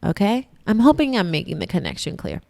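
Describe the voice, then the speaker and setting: A woman's voice: lowish voice, expressive, fairly quick, creaky, darkish tone. A woman hosting a podcast, explaining history in a conversational, emphatic way and often checking in with her listeners. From United States. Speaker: podcast host.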